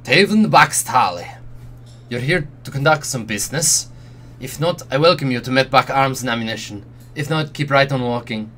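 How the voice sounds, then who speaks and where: A man's voice: medium pitch, normal speed, sharp tone, close to an everyday voice. A man putting on a stern old arms dealer. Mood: gruff welcome. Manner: stern, over-the-top foreign accent. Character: burly Romani patriarch in his late sixties, gruff arms dealer.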